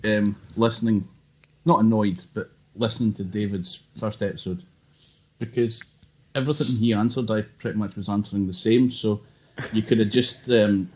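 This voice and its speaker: A man's voice: on the low side, steady tone, normal speed, darkish tone, poor audio. A Scottish man as a podcast guest, making dry teasing jokes in casual chat.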